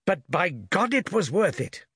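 A man's voice: high voice, big pitch swings, unhurried, pushed and bright, breathy edge, dry recording, studio quality, pitched above the performer's own voice, exaggerated voice. A man voicing a hearty, blustering older naval admiral who talks in exclamations. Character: bluff hearty older male port admiral.

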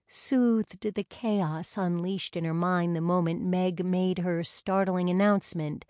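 A woman reads a novel aloud in a measured, unhurried way. Her voice sits on the low side and her pace is very slow. The recording is dry and close with no room sound. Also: darkish tone, dry recording. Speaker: audiobook narrator. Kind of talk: scripted narration.

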